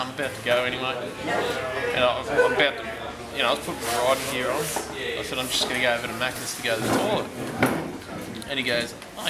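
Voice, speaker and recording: A man's voice: mid-range voice, reverberant. Chatty Australian man in a crowded room. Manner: rambling, chatty storyteller. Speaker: motorcycle rider. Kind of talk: casual anecdote telling.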